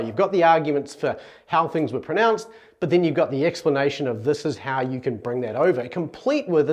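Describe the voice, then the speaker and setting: A man's voice: mid-range voice, a little mellow. Earnest New Zealand man teaching Greek. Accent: New Zealand English. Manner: earnest, conversational, restarts and self-corrections. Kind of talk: explanatory video lesson.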